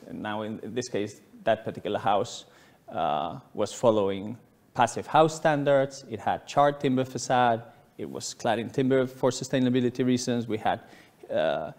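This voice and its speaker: Man, Spanish accent, around forty, guest lecturer, halting conversational delivery, mid-pitched voice. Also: darkish tone. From Spain. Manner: unhurried, halting, conversational, frequent pauses. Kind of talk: university lecture with slides. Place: lecture hall.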